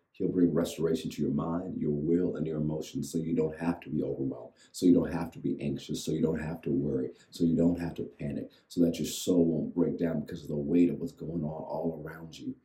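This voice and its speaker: Deep-voiced man preaching, echoey room. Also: mellow. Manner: rhythmic repetition, leads audience in reciting. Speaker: pastor. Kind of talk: sermon with call-and-response.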